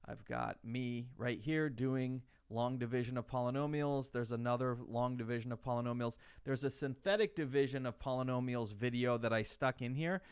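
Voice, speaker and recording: A man lectures a college math class, rambling a little and asking rhetorical questions as he goes. His voice has a gravelly edge but stays smooth and clear. The sound is dry and close, with no room around it. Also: mid-range voice, fairly even intonation, moderate pace, hardly any pauses, dry recording. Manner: chatty, digressive, rhetorical questions. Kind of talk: live online lecture.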